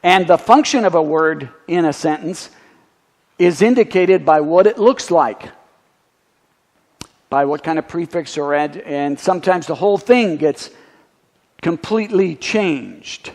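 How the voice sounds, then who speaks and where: A man's voice: fairly high pitch, unhurried, long pauses, darkish tone. A man, a pastor, giving a teaching sermon that explains Greek words, with wry little asides. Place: church sanctuary. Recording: long church reverb.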